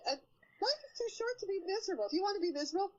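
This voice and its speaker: A woman's voice: extremely high pitch, lively intonation, very fast, lo-fi sound. A woman co-hosting a podcast who chats casually, telling stories in a bubbly, upbeat way. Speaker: podcast co-host. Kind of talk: casual chat.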